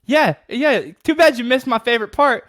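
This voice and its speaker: Male co-host, high, lively voice, teasing and crude, dry close sound. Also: moderate pace, no echo. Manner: teasing, crude, laughing often. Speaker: podcast co-host. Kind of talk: casual comedic banter.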